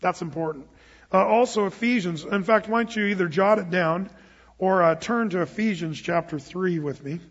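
High, husky middle-aged pastor preaching. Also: male voice, normal speed. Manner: casual and conversational, quizzes the congregation. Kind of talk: sermon. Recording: dull live recording in a reverberant hall.

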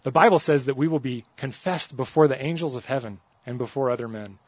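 A man's voice: mid-range voice, fairly quick, husky, no room sound, dull audio. A young adult man preaching a sermon, reading scripture and telling funny stories about himself in an easygoing, conversational way. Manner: conversational, self-deprecating storytelling between scripture readings.

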